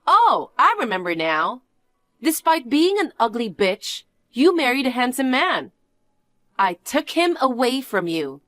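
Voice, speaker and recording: A woman's voice: high voice, very animated, unhurried, fairly bright tone, no echo, clean studio sound, soft background music, full character voice. A woman voicing a spoiled young niece who stole her aunt's husband, talking in a sneering, sing-song, teasing way in a scripted dialogue drama. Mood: taunting.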